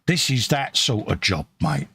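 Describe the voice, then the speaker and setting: A man's voice: fairly low pitch, big pitch swings, measured pace, crowd noise. A middle-aged man with a British accent, chatting casually and self-mockingly while building a model kit and reading out chat messages. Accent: British English. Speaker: co-host of a live modelling stream.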